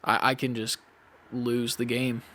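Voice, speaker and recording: A man's voice: medium pitch, monotone, a little slow, bright, forceful tone. A young man co-hosting a gaming podcast in casual chat, laid-back and peppered with "like". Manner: laid-back, heavy use of "like", swears casually. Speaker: podcast co-host.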